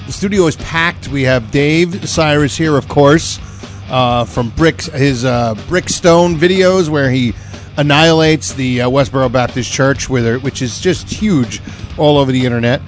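Male show host, mid pitch, loose and joking, casual studio chat. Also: measured pace, faint music behind. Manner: rambling, joking. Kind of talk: casual comedy podcast chat.

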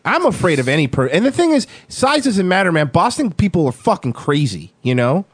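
A man's voice: high-pitched, a little fast, breathy edge, no echo. A man co-hosting a casual podcast chat, telling stories in a loose, profane way. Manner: animated, profane storytelling. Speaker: podcast co-host.

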